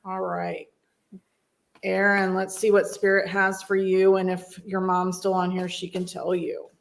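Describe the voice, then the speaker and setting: A woman's voice: mid-range voice, monotone, unhurried, vocal fry. A woman giving an intuitive card reading on a live stream, effusive and emotional, with frequent exclamations.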